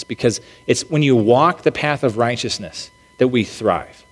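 A man's voice: medium pitch, normal speed. A man giving a sermon in a casual, conversational way, with frequent restarts and check-ins with the listeners. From United States. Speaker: pastor. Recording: long reverb of a large hall.

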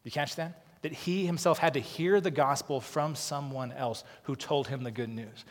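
Male pastor, mid-pitched voice, earnest preaching style, long hall reverb. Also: normal speed. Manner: earnest, repeats words when starting sentences. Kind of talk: sermon.

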